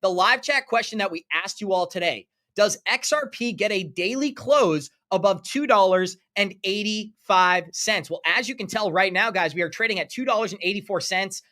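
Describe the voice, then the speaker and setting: A man's voice: high voice, normal speed, hardly any pauses, pushed and bright. A man hosting a crypto live stream, upbeat and effusive as he thanks viewers by name for their donations. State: running out of breath. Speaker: crypto livestream host.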